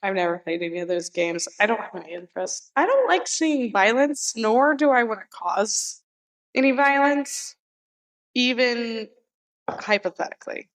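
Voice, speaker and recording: A woman's voice: fairly high pitch, expressive, moderate pace. A woman co-hosting a casual podcast, speaking in a blunt, opinionated way. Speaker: podcast co-host. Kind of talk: casual chat.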